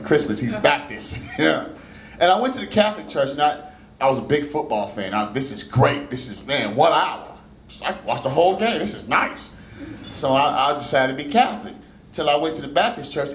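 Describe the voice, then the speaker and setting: A man in his forties telling stand-up stories at an open mic in a small jazz club, laughing often and breaking into shouts. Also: mid-range voice, roomy sound, a little hiss or hum, poor audio. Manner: loose, laughing storytelling with shouted bursts. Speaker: stand-up comedian. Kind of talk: stand-up comedy set.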